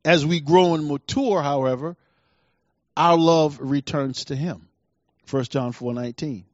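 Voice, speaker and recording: A man preaching a sermon as a pastor, swinging between fervent declarations and hushed asides. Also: on the high side, unhurried, no room sound, lo-fi sound.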